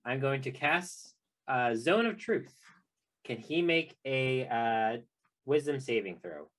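A man playing a tabletop game who talks slowly and deliberately. His pitch moves around a lot as he speaks. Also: animated, fairly bright tone. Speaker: player.

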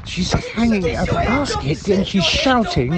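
Flustered man, loud crowd behind. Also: sits high, big pitch swings. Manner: flustered, halting, with nervous fillers. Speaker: balloon ride passenger leaving voicemails. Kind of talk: comic voicemail monologue.

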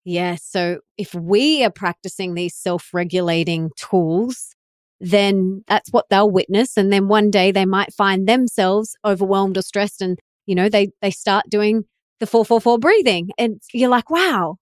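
A woman's voice: mid-range voice, a little slow, no echo, clean studio sound. A woman hosting a podcast in casual conversation, enthusiastic and affirming. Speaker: podcast host.

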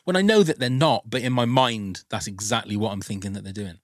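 A man's voice: lowish voice, fairly quick, no echo, clean studio sound. A man hosting a podcast in casual chat, telling personal stories openly and emotionally, with some swearing. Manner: open, emotional storytelling, swears. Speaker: podcast host.

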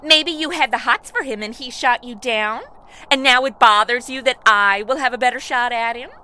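An actress playing a flirty, teasing younger sister in an audio drama, suggestive and scheming. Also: female voice, on the high side, normal speed, bright, forceful tone, clear, resonant tone.

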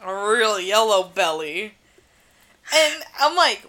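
A woman's voice: medium pitch, expressive, moderate pace, bright, forceful tone. A woman with a cold co-hosting a casual podcast recap, making dry, sarcastic asides. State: has a cold. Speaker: podcast co-host.

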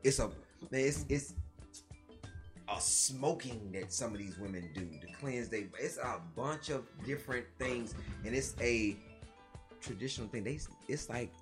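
A woman chatting casually as a podcast host, telling loud, profane stories and laughing often. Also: very deep voice, a little slow, music in the background. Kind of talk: casual chat.

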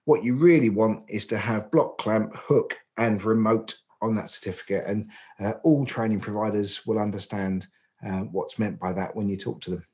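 A man co-hosting a podcast, explaining trade terms step by step in a relaxed, chatty way with frequent ums. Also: lowish voice, moderate pace. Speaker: podcast co-host, driver agency office manager. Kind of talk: casual explanatory chat.

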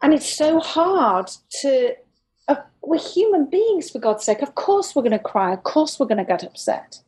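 A woman's voice: moderate pace, poor audio. A woman hosting a casual chat who talks with animation and acts out other people's words in a raised voice. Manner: animated, acts out quotes in a higher voice.

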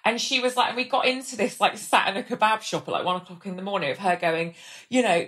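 A woman's voice: on the low side, fast talker, a bit bright. A woman in her thirties, a podcast guest, telling long rambling anecdotes and acting out the voices of the people in them. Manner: rambling storyteller, acts out quoted voices. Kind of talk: casual podcast chat.

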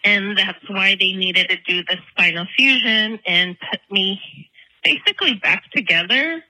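A woman leaving a tearful voicemail for a podcast, halting and full of fillers. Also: mid-range voice, bright, forceful tone, low-quality recording. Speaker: voicemail caller. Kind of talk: emotional voicemail. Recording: phone voicemail.

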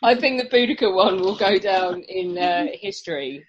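A woman hosting a group chat, lively and teasing, often laughing. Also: mid-range voice, normal speed, husky, rough recording. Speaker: host. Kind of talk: casual chat.

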